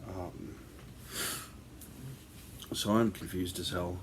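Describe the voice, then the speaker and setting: Man, deep voice, slow delivery; casual first-person ghost storyteller, loose and rambling. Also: fairly even intonation, slight background noise. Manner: rambling, filler-heavy, conversational.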